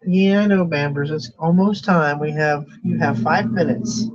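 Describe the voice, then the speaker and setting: A man with a slightly high, husky voice talks in a loose, rambling way, often chuckling at himself. The sound is dull and lo-fi. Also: unhurried. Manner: rambling, chuckling, self-deprecating. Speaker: thrift reseller streaming live. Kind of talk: casual live-stream chat.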